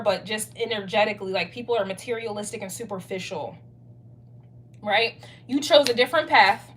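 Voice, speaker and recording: A woman's voice: fairly high pitch, fairly bright tone. A young woman talks through a casual tarot reading outdoors. She is blunt and emphatic, with frequent swearing, and a faint noise sits behind her. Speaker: tarot reader.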